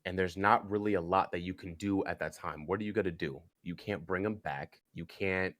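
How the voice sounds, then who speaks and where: Young man, very low voice, earnest, halting storytelling, dry close sound. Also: fairly even intonation, a bit bright, dry recording. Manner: earnest, halting, with many restarts and "you know". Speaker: podcast guest. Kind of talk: personal storytelling on a podcast.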